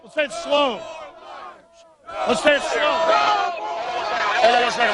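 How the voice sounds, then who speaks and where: A man hosting a radio show live from an outdoor event, ranting fast and chanting slogans through a bullhorn. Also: very high-pitched, a faint crowd. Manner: shouts protest chants slowly and repeatedly.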